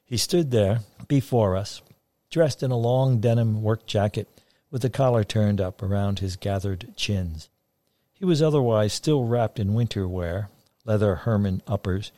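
A man reading a story aloud, with a lively, vivid manner, recorded close and dry. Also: on the low side, no room sound. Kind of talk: storytelling narration.

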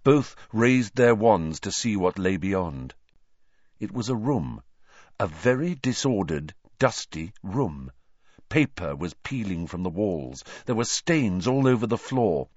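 Low, expressive male storybook narrator. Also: no room sound, highs cut off. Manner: dramatic, expressive reading. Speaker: audiobook narrator.

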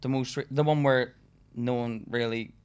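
A young man from England talks in a casual podcast chat as a guest comedian. His voice sits at an ordinary middle pitch, and he rambles through stories with frequent laughter and the odd swear word. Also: steady tone, moderate pace, clear, resonant tone.

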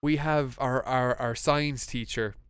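A young Irish man tells a story on a casual podcast, animated and quick to laugh, often stumbling and restarting. His voice is smooth and clear. It is recorded close and dry. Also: medium pitch, no room sound. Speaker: podcast co-host.

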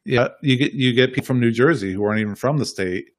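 A man's voice: medium pitch, fast talker, no echo, clean studio sound. A man talking politics in a casual podcast chat, rambling and emphatic, often repeating himself. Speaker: podcast guest.

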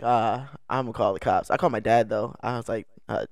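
A young man tells a story on a podcast in a mid-pitched, everyday voice. He rambles, restarts his sentences and laughs as he goes. The recording is dry and close, with no room sound. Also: steady tone, brisk, no room sound. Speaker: podcast co-host. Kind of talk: casual storytelling chat. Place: indoor podcast setup.

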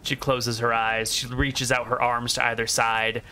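A man's voice: medium pitch, little pitch movement, measured pace, bright, forceful tone, slight background noise. A man narrating a tabletop game as game master, with a dry, teasing manner.

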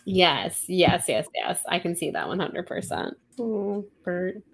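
A woman's voice: on the low side, big pitch swings, slow, creaky, slightly rough. A woman co-hosting a podcast, casually retelling a novel's scenes in a chatty way, full of quoted dialogue and fillers. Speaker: podcast co-host. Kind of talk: casual book-club chat, retelling a novel.

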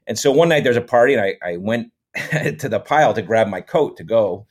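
A man's voice: fairly low pitch, a little fast. A middle-aged American man telling stories in a casual interview, rambling with lots of fillers. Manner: relaxed, rambling, many fillers. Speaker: podcast guest, comedy actor.

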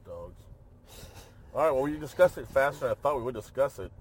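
A man's voice: medium pitch, lively intonation, a little fast, husky. A man chatting casually as a co-host, rambling and joking, often trailing off and restarting. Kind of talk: casual chat.

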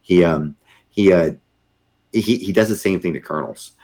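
A middle-aged man, a podcast guest, telling a long anecdote in a casual, animated way, with many fillers and frequent laughs. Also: sits low, normal speed. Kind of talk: casual storytelling.

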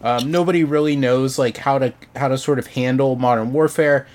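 Man, podcast co-host, history explainer, middle pitch, hesitant, lots of fillers. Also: steady tone, a little fast, darkish tone. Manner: hesitant, many ums and sort ofs.

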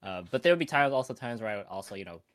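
A man's voice: lowish voice, animated, rapid-fire, fairly bright tone. A young man telling a story on a casual podcast, rambling with lots of restarts. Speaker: podcast co-host.

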